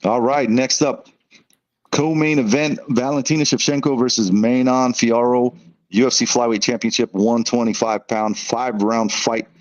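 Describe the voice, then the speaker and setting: A man's voice: medium pitch, fairly even intonation, normal speed, lo-fi sound. A man hosting a casual podcast, reading out fight odds and giving picks, swearing now and then. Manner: casual, swears, reads out betting lines. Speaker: podcast host.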